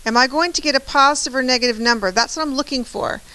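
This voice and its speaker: A woman's voice: high-pitched, fast talker, sharp tone, poor audio. A woman math teacher giving a chatty, encouraging lecture, often checking in with "right?". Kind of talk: classroom lecture.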